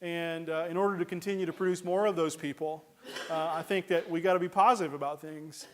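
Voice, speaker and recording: A man's voice: on the high side, fairly even intonation, brisk. A man giving a casual, folksy lecture on garden plants, rambling with many uhs and restarts. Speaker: horticulture lecturer. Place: lecture hall.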